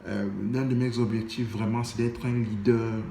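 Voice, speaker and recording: A young African man speaking with a French accent in a casual vlog monologue, halting, with many restarts and fillers. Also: on the low side, little pitch movement, mellow, echoey room, slight background noise. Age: young adult. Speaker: vlogger.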